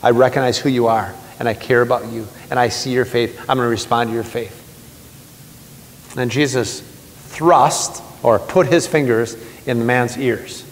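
A man's voice: medium pitch, steady tone, moderate pace, slight background noise. A male pastor giving a conversational sermon to a seated congregation, repeating key phrases for emphasis. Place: church sanctuary with seated congregation. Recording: long church reverb.

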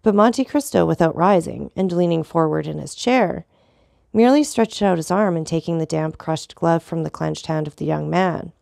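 A woman narrating a classic novel as an audiobook in a steady, expressive storytelling manner. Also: deep voice, moderate pace, creaky, no room sound, studio quality. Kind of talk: scripted narration.

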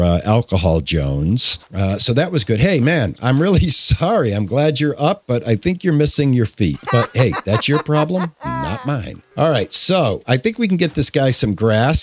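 A man giving casual play-by-play on a game, his pitch swinging up and down in an animated way. He chats and jokes as he goes, talking to himself and to the characters on screen. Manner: chatty, jokey, talks to himself and the characters. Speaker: gamer playing through a farming game. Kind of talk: casual gameplay commentary.

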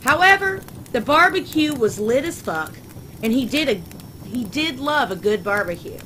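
A woman reading a crude comic fan story aloud in a deadpan, unhurried way. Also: sits high. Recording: noisy background ambience.

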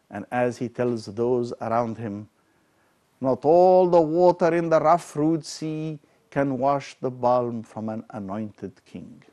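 A male lecturer reads a prepared literary talk. He speaks very slowly and with measured emphasis, in a middle-pitched voice. His delivery is steady and thoughtful. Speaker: lecturer on Shakespeare.

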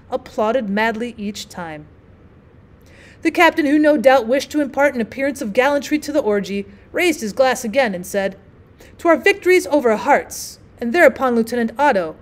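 A woman teacher reading a classic short story aloud in an expressive, steady storytelling manner. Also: on the high side.

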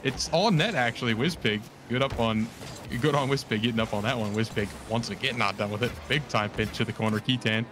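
A man calling esports play-by-play in a quick, rambling way, often correcting himself mid-sentence. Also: medium pitch, noisy background. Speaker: play-by-play caster.

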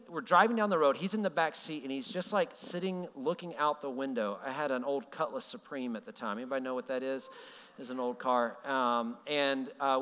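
Bright, animated storytelling pastor, man. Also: mid-range voice. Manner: casual and humorous, acts out quoted dialogue. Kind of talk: storytelling sermon. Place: large church hall. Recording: reverberant church hall.

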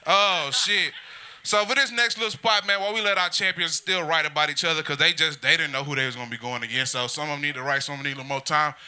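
Brief loose, profane club host. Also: male voice, fairly high pitch, fairly even intonation, fast, pushed and bright, clean tone. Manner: loose, profane, hyping the crowd. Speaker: comedy show host. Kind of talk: hosting a live roast show. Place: comedy club stage.

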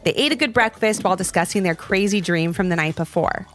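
A woman's voice: mid-range voice, quick pace, hardly any pauses, soft background music. A woman narrating a children's story expressively, speaking to young listeners.

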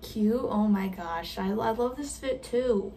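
A woman chatting casually while playing a game, self-deprecating and quick to giggle at her own mistakes. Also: mid-range voice, warm tone, recorded from a distance, slight background noise. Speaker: gamer reacting to a game. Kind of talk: casual gameplay commentary.

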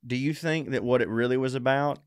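A man's voice: medium pitch, fairly even intonation, a little fast, clean tone, dry recording, studio quality. A man co-hosting a podcast, telling a long story in casual, profane chat. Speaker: podcast co-host.

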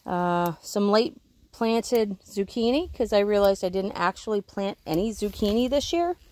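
A woman's voice: medium pitch, expressive, a little slow, warm tone. A woman giving a casual, rambling tour of her vegetable garden outdoors, filming it herself and correcting herself as she talks. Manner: chatty, rambling, self-correcting. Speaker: homesteading vlogger. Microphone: handheld camera she films herself.

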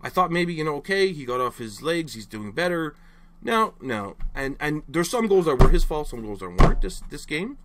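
A man's voice: fairly high pitch, big pitch swings, normal speed, background noise. A young man ranting casually to camera as a frustrated hockey fan, rambling and exasperated, apologizing after his outbursts.

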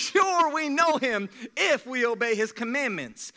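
Young male pastor, high bright voice, energetic sermon with humor. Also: measured pace, hardly any pauses. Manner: energetic call-and-response preaching with jokes. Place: church sanctuary.

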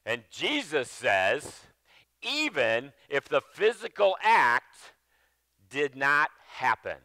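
A man preaching a sermon at a slow, deliberate pace with a bright, forceful tone. He stresses key words and then drops to a low, quiet voice, repeating phrases as he restarts his thoughts. The sound is dry and close. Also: very animated, no room sound. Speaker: pastor. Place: church sanctuary.

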